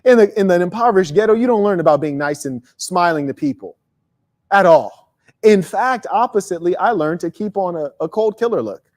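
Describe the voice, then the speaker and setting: A man hosting a live talk, telling profane, animated stories and acting out quotes. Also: sits high, brisk. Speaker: host and speaker.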